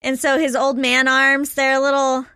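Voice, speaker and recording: A young adult woman co-hosting a podcast in casual chat, excitable and playful, often exclaiming. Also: high-pitched, moderate pace, dry recording, studio quality. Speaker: podcast co-host.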